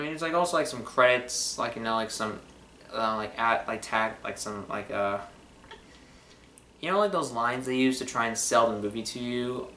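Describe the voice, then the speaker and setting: A man's voice: mid-range voice, sharp tone, a little hiss or hum. A man casually reviewing movie trailers, rambling with lots of fillers and restarts. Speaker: film reviewer. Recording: roomy echo.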